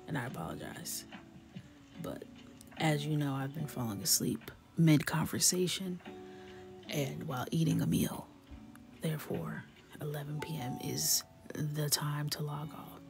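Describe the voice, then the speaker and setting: A woman's voice: sits low, unhurried, gravelly, long pauses, over music. A woman hosting a coloring livestream, chatting casually, laughing and reacting to viewers' comments. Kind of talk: casual chat while coloring.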